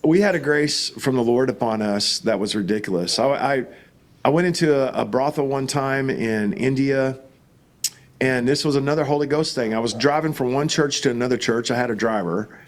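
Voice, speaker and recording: A man's voice: medium pitch, moderate pace. A middle-aged man, a pastor, telling stories in an interview and acting out the voices in them. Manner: animated, acts out quoted voices. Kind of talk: storytelling in an interview.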